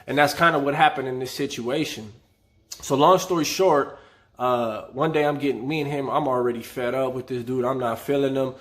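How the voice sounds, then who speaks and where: A man's voice: mid-range voice, steady tone, normal speed, fairly bright tone. A man from the San Fernando Valley telling a story casually, with vivid street slang. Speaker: channel host telling a prison story.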